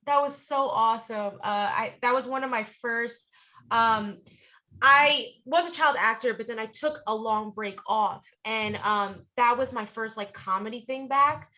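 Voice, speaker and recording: New York woman in her thirties, bright high voice, chatty and animated, laughs easily. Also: a little slow. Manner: lively, laughs often, animated storytelling. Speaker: actress guest. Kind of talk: casual interview chat.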